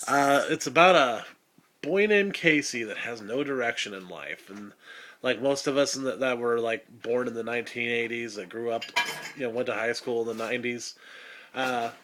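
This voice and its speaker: A man's voice: medium pitch, a bit bright. Sarcastic guy in his 30s ranting about a bad slasher flick, swears a lot, lots of ums. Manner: crude, sarcastic, rambling with many fillers. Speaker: host. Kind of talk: casual movie review.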